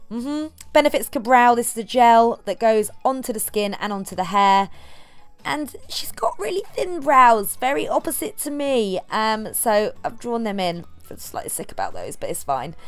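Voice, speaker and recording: A woman's voice: medium pitch, clear, resonant tone. A chatty, giggly woman walking viewers through a makeup tutorial, joking at herself as she goes. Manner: chatty, giggly, self-mocking. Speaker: makeup artist.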